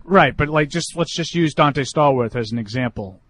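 A man's voice: fairly high pitch, normal speed, fairly bright tone, a little hiss or hum. A man co-hosting a casual sports talk show, rambling with many fillers and restarts as he argues. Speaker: podcast co-host.

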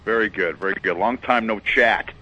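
A man's voice: on the low side, normal speed, sharp tone. A man calling in to a radio show, rambling with many fillers and hesitations. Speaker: phone-in caller. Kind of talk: casual call-in chat. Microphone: telephone. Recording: muffled lo-fi phone line.

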